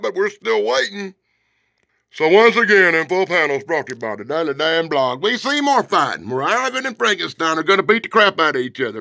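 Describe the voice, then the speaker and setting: A man reviews a vintage comic, loud and mocking, often shouting. His voice is high and lively, heavy with gravelly fry. It sounds sharp and dry, with no room around it. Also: dry recording. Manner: loud, mocking, excitable, swings between shouting and muttering. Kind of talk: casual, rowdy comic review.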